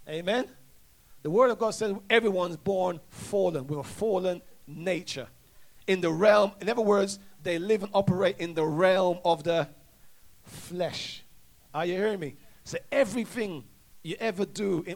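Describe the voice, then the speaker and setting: A male preacher delivering a sermon, calling for responses and often restarting his sentences. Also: sits high. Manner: call-and-response, stammering restarts.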